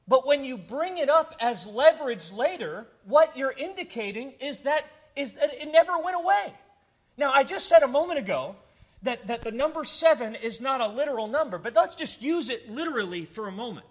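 A middle-aged man preaching a sermon in an earnest, conversational way, with personal stories. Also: very high-pitched. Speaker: pastor.

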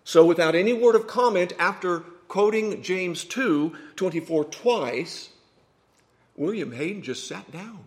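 A man preaching a sermon, telling a story with dramatic swings from hushed asides to loud emphatic points. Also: a little high, expressive, a little slow.

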